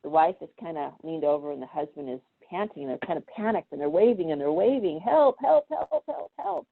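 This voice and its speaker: A woman's voice: low voice, quick pace. A woman guest telling stories in casual chat, acting out the voices of people in them. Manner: animated storyteller who acts out quoted voices. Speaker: guest speaker. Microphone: video call. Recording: tinny phone-like call audio.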